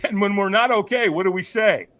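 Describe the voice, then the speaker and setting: A man's voice: a little fast, fairly bright tone. A man telling a personal story as a podcast guest, acting out other people's lines in jumps of voice and asking the listeners rhetorical questions. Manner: acts out voices of others with big pitch jumps, laughs often; addresses listeners as "you guys", asks rhetorical questions. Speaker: podcast guest, firewalk instructor. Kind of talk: animated storytelling.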